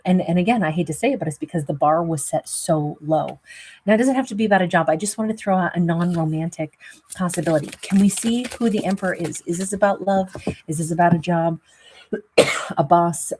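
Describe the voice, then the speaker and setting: A woman with a husky, breathy voice, pitched a little low, reads tarot cards to her viewers. She rambles loosely through the reading, padding it with fillers, and a wheeze runs under her breath. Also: moderate pace, darkish tone. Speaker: tarot reader.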